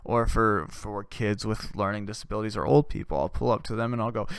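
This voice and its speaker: A man's voice: on the low side, fairly quick. A man hosting a comedy podcast, delivering a rambling, profane, worked-up rant. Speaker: podcast host.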